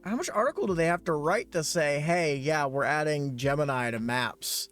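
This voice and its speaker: A man co-hosting a casual podcast chat, animated and laughing often, now and then reading articles aloud. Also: a little high, moderate pace, soft background music. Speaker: podcast co-host.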